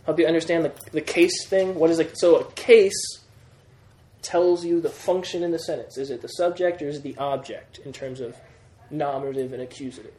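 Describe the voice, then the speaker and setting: Male teacher, fairly high voice, patient explainer, reverberant room sound. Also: steady tone, brisk, warm tone. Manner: patient, repeats key points and checks understanding. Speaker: Greek teacher. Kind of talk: classroom grammar lesson. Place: classroom. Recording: roomy classroom sound.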